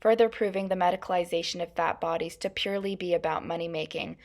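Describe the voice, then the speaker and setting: A woman's voice: lowish voice, fairly even intonation, quick pace. Young woman reading a class presentation. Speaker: student presenter.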